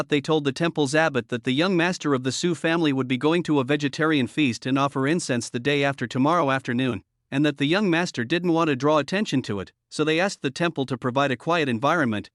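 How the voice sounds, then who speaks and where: A man reading a scripted story recap as the narrator, in an even, steady delivery. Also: on the high side, brisk, no room sound, studio quality.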